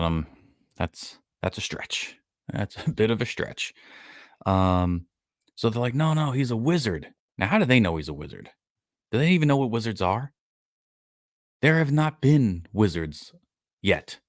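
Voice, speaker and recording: Male podcast host, very low voice, dry close recording, sarcastic live-stream recapper. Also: no room sound. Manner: sarcastic, acts out characters' lines in a raised voice. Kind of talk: casual live-stream episode breakdown.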